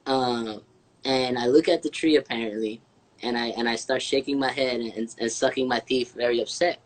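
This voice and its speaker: A man's voice: medium pitch, steady tone, normal speed, low-quality recording. A man who works in a church tells a personal story on a live stream. He speaks earnestly, stumbling and restarting his words. His voice is in a middle range. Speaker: church youth minister. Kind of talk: casual live-stream chat.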